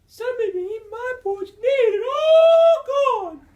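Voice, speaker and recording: Shrill wailing baby bear. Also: male voice, lively intonation, normal speed, dull audio. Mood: whiny shouting. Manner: shrill, whiny, shouting.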